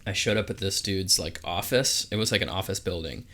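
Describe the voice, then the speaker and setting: Bright-voiced young man telling stories. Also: deep voice, brisk. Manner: laid-back storyteller, swears freely, many fillers. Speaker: podcast co-host. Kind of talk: casual chat.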